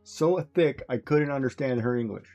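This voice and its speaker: A man's voice: medium pitch, normal speed, a little mellow, muffled recording, faint music behind. A man in casual chat who tells stories, acts out voices and laughs often.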